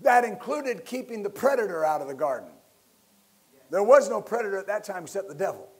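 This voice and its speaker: A man preaching a sermon as pastor, building to loud emphatic bursts and leading his listeners in call-and-response. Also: high-pitched, sing-song, brisk, breathy edge.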